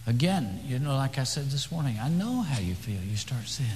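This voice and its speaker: A man preaching a sermon to a congregation, dropping to hushed whispers and then rising into impassioned, high pleading. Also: big pitch swings, moderate pace, few pauses. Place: church sanctuary with audience. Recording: long hall reverb, faint hum.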